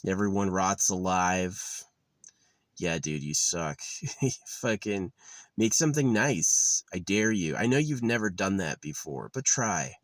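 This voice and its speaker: A man with a very deep voice rants outdoors, cursing and mocking with open contempt. His pitch swings wide between low growls and sharp jumps. The sound is close and dry, with no room around it. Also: lively intonation, measured pace, dry recording. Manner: profane, sarcastic, contemptuous. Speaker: vlogger. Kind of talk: angry ranting monologue.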